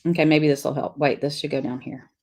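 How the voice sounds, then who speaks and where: A woman's voice: low-pitched, steady tone, fast talker, a little mellow. A middle-aged woman, hosting a live lettering class, chatting casually and reading viewer comments while she draws. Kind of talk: live-streamed craft lesson.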